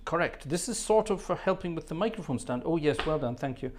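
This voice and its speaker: A man's voice: a little high, lively intonation, fast talker, hardly any pauses. A man hosting a live stream, chatting casually, reading out viewer comments and stumbling over French with self-deprecating humor. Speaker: livestream host. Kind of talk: casual livestream chat. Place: home studio.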